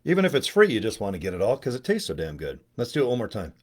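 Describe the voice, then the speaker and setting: A man's voice: lowish voice, wildly swooping pitch, very fast, breathy edge. Rambling, crude middle-aged man on a webcam. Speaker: video host. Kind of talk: casual livestream chat. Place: at home, indoors.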